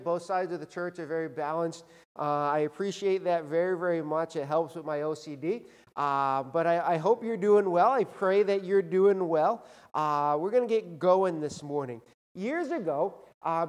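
A man preaching a sermon in a church, telling a folksy story and often checking in with "right?". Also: high voice. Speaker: pastor. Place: church sanctuary. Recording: long hall reverb.

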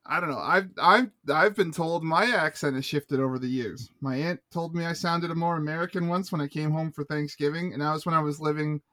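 A man's voice: fairly high pitch, fairly quick, few pauses, sharp tone. A man in his thirties from Canada, co-hosting a podcast, telling rambling self-deprecating stories in casual chat. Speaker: podcast co-host.

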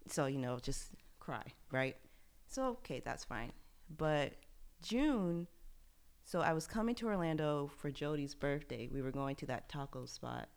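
A woman co-hosting a podcast, telling a personal story in an animated, laughing way that sinks to a near whisper on the sad parts. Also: low voice, unhurried, gravelly. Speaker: podcast co-host.

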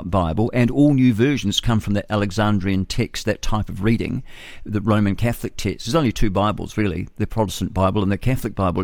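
Middle-aged man, New Zealand accent, breakfast radio host, chatty and opinionated, low-pitched, dry studio mic. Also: gravelly, a little mellow, no room sound. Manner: chatty, opinionated, laughs at own jokes. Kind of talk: rambling talk-radio monologue.

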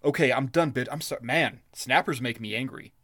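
A man's voice: mid-range voice, brisk, pushed and bright, no echo, studio quality. A man co-hosting a casual podcast, ranting with a lot of profanity and getting worked up. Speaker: podcast co-host.

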